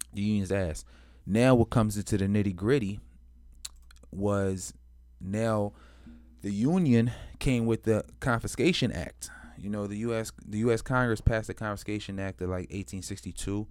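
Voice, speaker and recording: A man with a low, smooth, mellow voice tells a history story in loose street slang, swearing freely and restarting his sentences. He acts out both sides of the story in quoted voices. The sound is dry and close. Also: normal speed, no room sound. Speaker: history commentator. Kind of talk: casual history talk.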